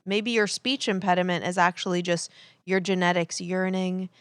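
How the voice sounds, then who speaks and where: A woman's voice: lowish voice, fairly even intonation, normal speed, smooth, dry recording. A young woman co-hosting a comedy podcast, chatting in a playful, talkative way. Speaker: podcast co-host. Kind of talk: casual comedy podcast chat.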